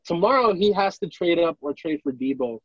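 A man's voice: on the high side, expressive, fairly quick, dry recording, dull audio. A young man, a podcast co-host, ranting angrily and with lots of swearing about a football draft pick. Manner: angry, profane, repetitive ranting. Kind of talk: heated sports rant.

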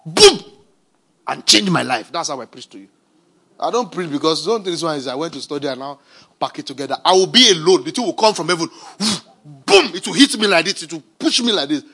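A male pastor with a high, gravelly voice delivers an emphatic sermon. His tone is bright and edgy, with a raspy grain. He swings between shouted declarations and quiet, conversational asides.

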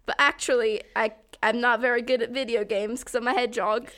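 A woman's voice: a little high, flat delivery, a little fast, fairly bright tone, natural voice. A woman voicing a cheeky male cartoon hedgehog in a stumbling, mock British YouTuber accent, greeting viewers. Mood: chirpy. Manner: chirpy, stumbling streamer greeting.

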